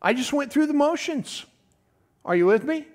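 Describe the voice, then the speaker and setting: A man's voice: very high voice, lively intonation, normal speed. A middle-aged man preaching a folksy, conversational sermon, often calling out to his congregation.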